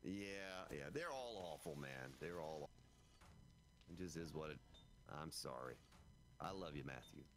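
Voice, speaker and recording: A man's voice: a bass voice, lively intonation, a little slow, long pauses, fairly bright tone, a little hiss or hum. A middle-aged man streaming a survival game, chatting in a folksy, joking way with his viewers and teammate. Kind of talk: casual live-stream chat.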